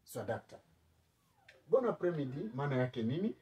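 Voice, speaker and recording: A man teaching a spoken language lesson, repeating words slowly for learners to echo back. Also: on the high side, big pitch swings, darkish tone, recorded from a distance. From East Africa.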